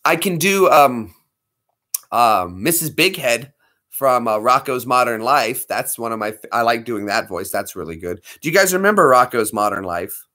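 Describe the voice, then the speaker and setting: A man's voice: medium pitch, animated, moderate pace, bright, forceful tone. A man hosting a casual video, rambling and laughing as he chats between voice impressions. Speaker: video host.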